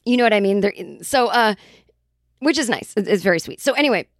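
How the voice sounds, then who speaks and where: A woman's voice: medium pitch, animated, fast talker, dry recording. Casual woman podcaster from Boston, rambly and profane, close dry mic. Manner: rambling and profane, full of tangents and fillers. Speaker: comedian and podcast host. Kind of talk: casual chat.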